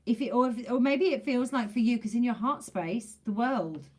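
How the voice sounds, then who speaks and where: A woman's voice: a little high, moderate pace. A woman giving a casual tarot reading to camera, chatty and emphatic, repeating phrases for emphasis and swearing mildly. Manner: informal, with mild swearing. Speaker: tarot reader.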